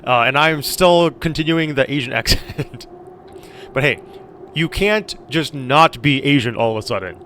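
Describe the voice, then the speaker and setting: A man's voice: mid-range voice, lively intonation, unhurried, sharp tone, slight background noise. A man streaming a game, chatting casually with viewers and laughing mid-sentence. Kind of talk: casual live-stream chat.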